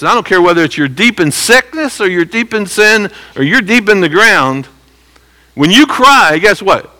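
Bright-voiced man teaching scripture. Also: sits high, rough recording. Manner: conversational teaching with frequent "okay?" check-ins; repeats key phrases slowly for emphasis. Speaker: Bible teacher. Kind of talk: expository Bible teaching.

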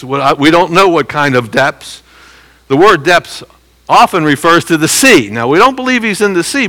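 Bright-voiced man teaching scripture. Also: fairly high pitch, poor audio. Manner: conversational teaching with frequent "okay?" check-ins; repeats key phrases slowly for emphasis. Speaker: Bible teacher. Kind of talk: expository Bible teaching.

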